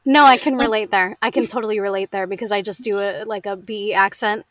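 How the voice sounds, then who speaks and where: An American woman, an audiobook narrator, chatting casually in an interview, laughing often and filling pauses with ums. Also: mid-range voice, steady tone, crowd noise.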